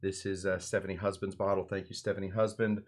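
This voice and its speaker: A man's voice: low voice, little pitch movement, fast. A man hosting a casual cocktail livestream from his bar, rambling with lots of fillers and self-deprecating jokes as he mixes a drink. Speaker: cocktail show host. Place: home bar in Los Angeles.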